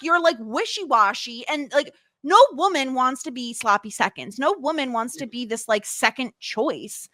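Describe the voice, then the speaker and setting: A woman co-hosting a podcast, recapping a TV episode in casual chat, animated, laughing often and swearing freely. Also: fairly high pitch, normal speed, few pauses, dry recording, studio quality. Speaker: podcast co-host.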